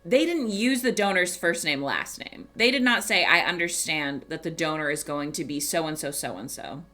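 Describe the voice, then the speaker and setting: A woman streamer telling a story in casual chat, animated, swearing and laughing often. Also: deep voice, moderate pace.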